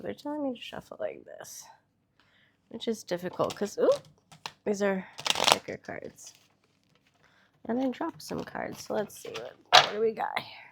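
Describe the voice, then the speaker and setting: A woman's voice: medium pitch, sing-song, measured pace, vocal fry, pauses often, heavy background noise. A woman hosting a casual tarot reading vlog, chatty and loose, with the odd swear word. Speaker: tarot reader.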